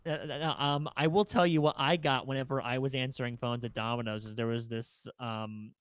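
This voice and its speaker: A man hosting a podcast in casual chat. He tells rambling stories full of fillers and the odd curse. His voice is smooth and clear, and it sounds dry and close. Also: mid-range voice, fairly even intonation, brisk, fairly bright tone, dry recording. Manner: rambling storyteller, lots of fillers, swearing, laughs. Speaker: podcast host.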